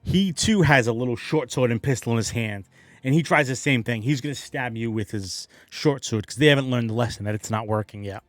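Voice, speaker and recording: A man's voice: medium pitch, a little fast, no room sound. A man narrating a tabletop game as game master, playful and dramatic with some self-mocking asides.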